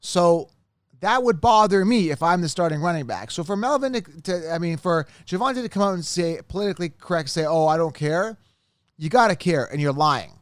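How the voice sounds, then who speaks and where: A man's voice: high voice, expressive, brisk, dry recording, studio quality. A man hosting a fantasy football podcast, venting in an emphatic, heated solo rant and often tagging his points with "right?".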